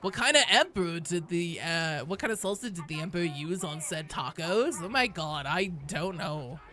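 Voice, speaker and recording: While streaming a game, a woman in her thirties chats casually with her audience, cracking jokes and responding to questions. She speaks at a moderate pace in a fairly low yet bright, lively voice, with the odd loud, profane outburst.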